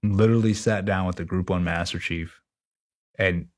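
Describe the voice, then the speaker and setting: A man's voice: low voice, fairly even intonation, moderate pace. A man in his forties, a retired Navy chief, telling a story in a casual interview, blunt and profane, acting out what others said. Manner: blunt, profane retelling with quoted dialogue.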